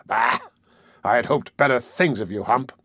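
A man reading an audiobook voices a domineering, ruthless sea captain in a slow, measured, contemptuous way. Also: medium pitch, pushed and bright, husky, no echo. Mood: scornful. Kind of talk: audiobook character voice.

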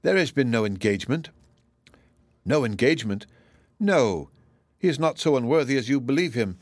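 A man voicing a grief-stricken young woman in an audiobook, pleading and anguished, a little higher than his own voice. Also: lively intonation, moderate pace, no room sound, clean studio sound, close to an everyday voice. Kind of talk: audiobook character voice.

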